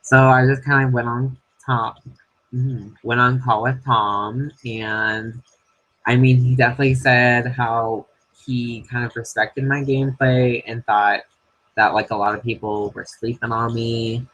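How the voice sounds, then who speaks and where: A man's voice: medium pitch, level tone, unhurried, fairly bright tone, dull audio. A man recording an angry, profanity-heavy confessional about being targeted in an online game. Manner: frustrated ranting with heavy swearing.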